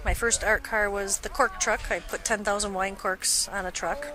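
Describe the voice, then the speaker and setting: A woman, an art car maker, calmly explaining how her design grew. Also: mid-range voice, normal speed, over music, poor audio. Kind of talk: casual interview outdoors. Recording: outdoor interview with crowd behind.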